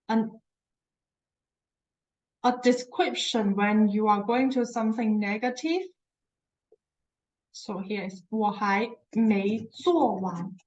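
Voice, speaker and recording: Slow, patient woman language teacher. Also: a little high, darkish tone, dull audio. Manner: patient, explanatory, repeats words for practice; self-correcting, searches for words. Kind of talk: online language lesson.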